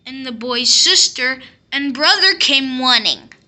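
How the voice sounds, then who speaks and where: A woman reading a classic picture book aloud, telling the story slowly and expressively. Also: high-pitched, lively intonation, sharp tone. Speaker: storybook reader.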